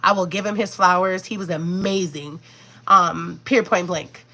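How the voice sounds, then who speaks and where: A woman's voice: on the low side, normal speed. A woman, a doula, earnestly telling her viewers a heartfelt birth story and often calling them "y'all". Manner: earnest, repeats "y'all", animated retelling. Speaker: doula and vlogger.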